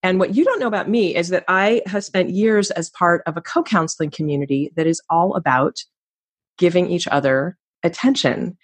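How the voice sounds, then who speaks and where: Effusive woman podcast host, husky. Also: on the low side, normal speed. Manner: effusive, enthusiastic. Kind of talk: interview conversation.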